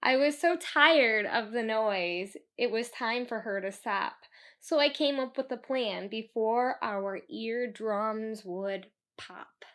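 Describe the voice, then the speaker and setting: A woman's voice: a little high, takes it slowly, fairly bright tone. A woman reading a children's book aloud, stopping for chatty asides to explain the story to kids. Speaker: storybook reader.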